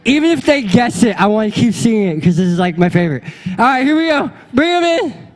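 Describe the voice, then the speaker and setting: A male pastor with a high voice talks to his congregation in a playful, energetic way. He leads them through a silly game and then settles into a chatty story. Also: fast talker. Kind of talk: lively sermon with audience game. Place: church sanctuary before a congregation.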